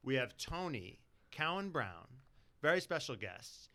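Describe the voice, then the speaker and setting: A man co-hosting a podcast in casual chat, excitable, laughing often and swearing freely. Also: mid-range voice, unhurried. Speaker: podcast co-host.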